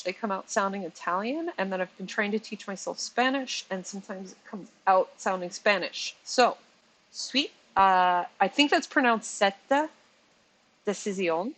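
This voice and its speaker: A woman in her forties talks straight to her viewers in a loose, chatty commentary, with an edge of exasperation. She laughs easily, restarts her words and corrects herself as she goes. Her pitch sits in a middle range for a woman. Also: a bit bright, low-quality recording. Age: 40s. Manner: chatty and exasperated, stumbling over pronunciations; laughs often, self-correcting. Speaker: commentary channel host. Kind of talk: casual commentary vlog.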